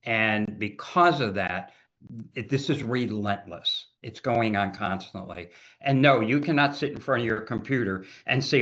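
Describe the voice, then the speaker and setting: A man speaking as a cybersecurity consultant guest in a casual interview, talking in an animated, emphatic way and often repeating words. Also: lowish voice, moderate pace. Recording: dull lo-fi audio.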